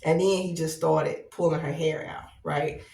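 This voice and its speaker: Woman, 30s, podcast host, casual storytelling, animated, low gravelly voice, roomy echo. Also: a little hiss or hum. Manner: animated, conversational, drawn-out repetitions. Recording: roomy echo, distant from mic.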